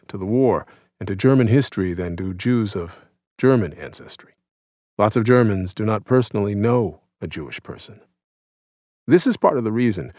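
A man in his thirties from the United States reads his own essay in a low, even voice. His delivery is measured and somber, and the recording is dry and close with no room sound. He narrates with quiet reflection. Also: dry recording. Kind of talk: scripted narration.

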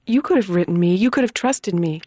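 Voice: medium pitch, lively intonation, fairly quick, darkish tone, dry recording, studio quality, natural voice. A performer voicing an earnest young woman schoolteacher who presses with direct questions. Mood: earnest, curious. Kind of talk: dramatized audiobook reading.

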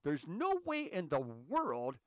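Host, male, fairly high voice, impassioned, tired, restarts a lot, dry sound. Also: wildly swooping pitch, slow, no echo. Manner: impassioned, repeats words, stumbles over restarts. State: tired from a sleepless night. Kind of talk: emotional solo commentary.

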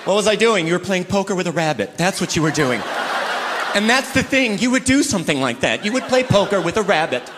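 A man's voice: sits high, sing-song, fast, long reverb tail, noisy background. A man performing a stand-up routine before a live audience, acting out both sides of married bickering with big comic outbursts. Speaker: stand-up comedian. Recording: live club recording with crowd laughter.

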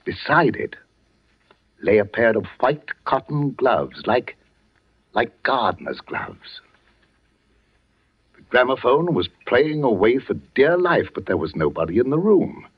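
An earnest, fatherly village vicar in a vintage radio drama. He speaks with measured authority and a lively swing of pitch. The recording is dull and lo-fi. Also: husky. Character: worried older male village vicar, fatherly. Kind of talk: 1940s radio acting.

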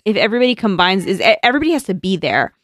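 A woman's voice: mid-range voice, big pitch swings, very fast, fairly bright tone. A woman explaining a cartoon in casual chat, hesitant, with many fillers and restarts.

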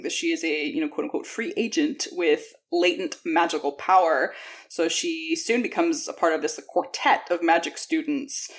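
A woman co-hosting a podcast in a casual, chatty way, telling stories and laughing often; English is her second language. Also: low voice. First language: not English. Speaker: podcast co-host. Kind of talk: casual chat.

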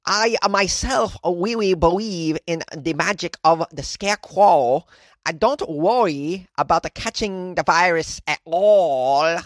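A man voicing an earnest old villager who speaks haltingly about scarecrow magic. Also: high-pitched, no room sound. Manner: halting, hesitant.

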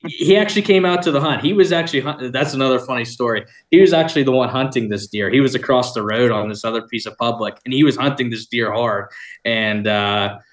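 A man's voice: medium pitch, fast. A young man, a podcast guest, telling a long, rambling hunting story in casual talk, often laughing.

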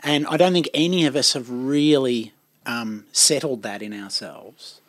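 A man's voice: medium pitch, a little slow, no room sound. A man, co-hosting a casual chat and reflecting thoughtfully, often repeating words as he searches for them. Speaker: podcast co-host.

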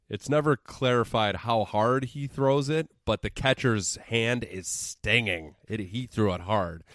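A man's voice: lowish voice, no room sound, clean studio sound. A young man on a podcast, recapping a movie in a sarcastic, profane, storytelling way. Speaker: podcast co-host.

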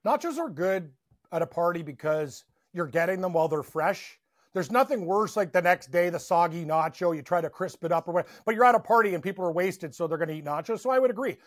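A man co-hosting a casual sports betting podcast, telling rambling, animated stories. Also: sits high, a little fast, no room sound, studio quality. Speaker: podcast co-host.

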